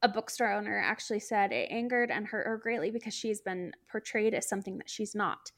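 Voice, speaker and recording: A woman's voice: mid-range voice, expressive, a little fast, fairly bright tone. Chatty woman podcast co-host. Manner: chatty, many "like" fillers, laughs while talking. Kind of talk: casual chat.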